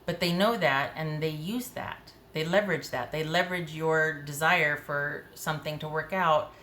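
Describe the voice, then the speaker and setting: In an echoey room with a bit of background noise, a tarot reader addresses the camera frankly and conversationally, muttering to herself while pulling cards. She has a low, bright voice with a forceful tone and speaks at normal speed.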